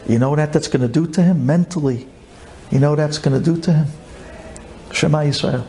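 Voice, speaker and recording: A rabbi giving an impassioned storytelling sermon, fervent and pleading, repeating phrases and swinging from low calm to high emotional cries. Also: male voice, a little fast, a little hiss or hum. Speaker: rabbi telling an inspirational story.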